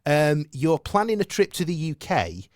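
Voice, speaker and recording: A radio host from the UK with a Manchester accent, interviewing guests in a friendly, teasing way. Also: male voice, a little high, moderate pace, no echo, studio quality. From United Kingdom. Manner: friendly, lively, teasing with a playful sense of humor. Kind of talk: casual interview chat.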